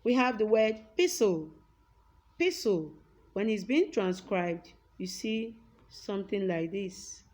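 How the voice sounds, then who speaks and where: A young woman with a Nigerian English accent teaching a class. She repeats example words aloud and stretches words slowly to stress a point. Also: mid-range voice, animated, a little mellow. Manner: slow, drawn-out words when stressing a point. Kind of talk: classroom lesson with a whiteboard.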